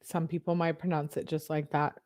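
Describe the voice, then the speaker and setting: Young woman, casual chatty commentator, quick to giggle. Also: sits low, little pitch movement, darkish tone. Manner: giggly, chatty, jokes between readings. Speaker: true-crime commentator reading texts aloud. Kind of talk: casual commentary, reading texts.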